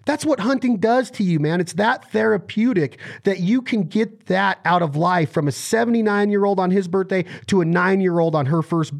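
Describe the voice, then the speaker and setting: Man, thirties, American, passionate, rant-like storytelling, slightly high pitch. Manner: impassioned, ranting, storytelling. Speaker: podcast guest. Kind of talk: passionate casual conversation.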